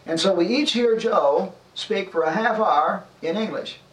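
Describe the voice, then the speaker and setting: A man's voice: high voice, unhurried, fairly bright tone. A man teaching a Bible class, explaining his point with examples and rhetorical questions. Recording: roomy sound from far off with faint ambience.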